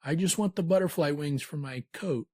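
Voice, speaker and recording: A man doing a shrill, haughty young nobleman. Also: normal speed, a little mellow, natural voice. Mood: arrogant sneer. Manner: mocking, high-pitched sneer.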